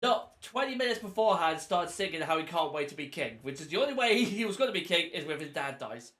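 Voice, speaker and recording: High, bright-voiced man, blunt. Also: big pitch swings, fast. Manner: blunt, emphatic, swears for effect. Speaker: podcast co-host. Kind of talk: casual chat.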